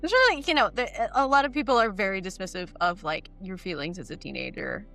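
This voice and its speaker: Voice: mid-range voice, expressive, fast, creaky, pushed and bright, soft background music. A panelist in casual chat, agreeing and chiming in.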